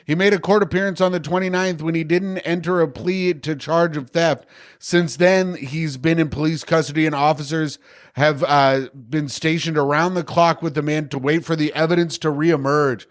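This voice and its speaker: A man's voice: on the high side, steady tone, moderate pace. Joking podcast man in his thirties. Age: 30s. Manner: crude, joking, riffing. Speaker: podcast co-host. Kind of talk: casual comedic chat, reading news aloud.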